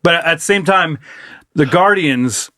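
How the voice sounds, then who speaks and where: A man co-hosting a podcast in casual chat, telling animated stories, acting out what people said and swearing freely. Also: fairly high pitch, unhurried, no echo, clean studio sound. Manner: animated storyteller, acts out quotes, swears freely. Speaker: podcast co-host.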